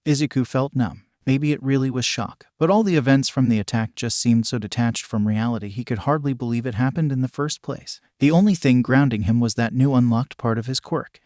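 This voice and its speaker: Pria narator cerita penggemar, suara kering. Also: male voice, mid-range voice, a little mellow, no echo, clean studio sound. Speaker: narrator. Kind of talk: reading fan fiction aloud.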